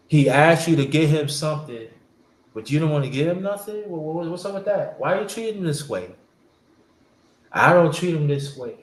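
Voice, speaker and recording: A man casually telling a rambling family story as a host, repeating himself and acting out his relatives' lines. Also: mid-range voice. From New York. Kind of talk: casual storytelling to a live audience. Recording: echoey room with faint background hiss.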